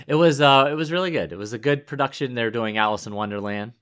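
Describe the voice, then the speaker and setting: A man co-hosting a podcast in casual chat, relaxed and quick to laugh, with lots of fillers. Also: medium pitch, smooth. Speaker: podcast co-host.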